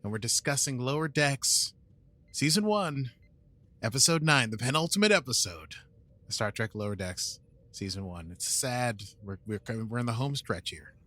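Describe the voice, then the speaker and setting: A man's voice: mid-range voice, expressive, moderate pace, pushed and bright. Playful British man co-hosting a podcast. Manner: playful, rambling recap with filler words. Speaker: podcast co-host. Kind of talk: casual chat.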